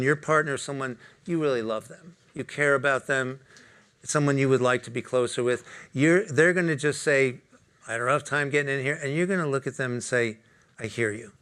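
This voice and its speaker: A man's voice: fairly high pitch, fairly bright tone, clear, resonant tone. A man speaking at a corporate talk, leading a live group exercise and putting direct questions to the audience. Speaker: workshop speaker.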